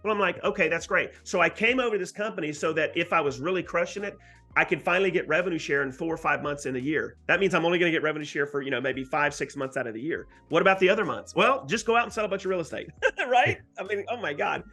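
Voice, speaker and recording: A man telling an emphatic, animated story as a guest in an interview, with frequent asides to the host. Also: on the high side, quick pace, faint music behind. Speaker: guest real estate agent.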